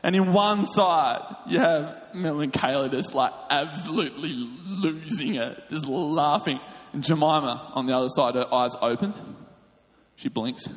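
An Australian man telling a comic story in an animated way with laughing asides. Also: on the high side, measured pace. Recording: long hall reverb.

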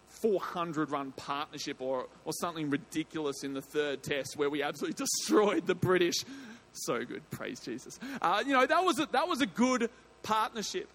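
A man's voice: a little high, animated, normal speed, fairly bright tone, a little hiss or hum. A man preaching an evening sermon in a church, chatty and jokey, often breaking off mid-sentence and bursting into emphasis. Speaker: pastor. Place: church hall.

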